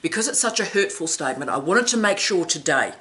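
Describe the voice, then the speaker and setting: A woman's voice: fairly low pitch, animated, fast talker, a bit bright. A middle-aged woman academic hosting an advice vlog, telling stories emphatically with wry, dry asides.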